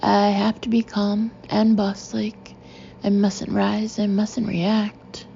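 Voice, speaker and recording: A woman narrating a first-person novel in an expressive, animated way. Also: medium pitch, a little slow, creaky, lo-fi sound, a little hiss or hum. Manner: expressive, acting out the narrator's indignation. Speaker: audiobook narrator.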